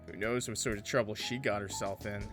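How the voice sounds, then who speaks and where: A man's voice: fairly low pitch, fairly even intonation, a little fast, a bit bright, faint music behind, close to an everyday voice. A man doing a flirty French-Canadian charmer. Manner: smooth, teasing, flirtatious.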